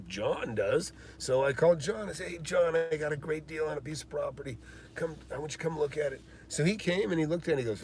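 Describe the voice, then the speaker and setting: Rambling fast-talking man, live stream host. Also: mid-range voice, a little mellow, a little hiss or hum. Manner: rambling, emphatic storytelling with many fillers. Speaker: real estate investor host.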